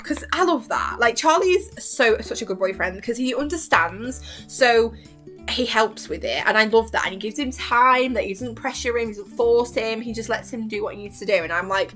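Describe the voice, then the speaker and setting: Bright-voiced giggly young woman. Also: fairly high pitch, fairly quick, faint music behind. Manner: giggly, gushing, acts out scenes in quoted voices. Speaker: YouTuber reviewing a TV series. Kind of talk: excited casual chat.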